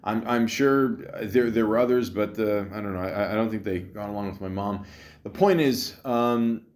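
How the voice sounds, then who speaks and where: A man's voice: on the low side, normal speed. A man hosting a podcast alone, chatting casually about a movie in a rambling, joking way, full of swearing, fillers and restarts. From half Italian, half Greek heritage. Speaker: podcast host. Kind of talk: casual solo podcast commentary.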